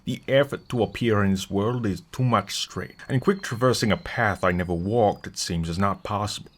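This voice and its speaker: A man voicing a scheming male demon in a radio-style fantasy drama, gloating and measured. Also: lowish voice, lightly acted.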